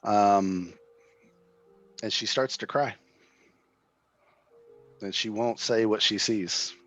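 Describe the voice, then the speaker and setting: A man running a tabletop game as game master, narrating in a relaxed way with many fillers. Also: on the low side, takes it slowly, soft background music.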